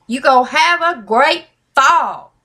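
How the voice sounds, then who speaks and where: An excitable woman reacts to a track, repeating lines back with loud amusement. Her voice sits high and bright, leaping around in pitch while she talks at an unhurried pace. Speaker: reaction video host. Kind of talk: casual reaction commentary.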